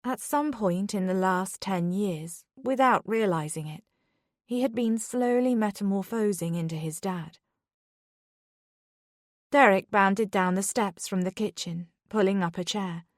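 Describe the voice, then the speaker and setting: A woman with a middle-pitched voice narrates a suspense audiobook in a calm, measured manner from a script. The recording is close and dry, with no room sound.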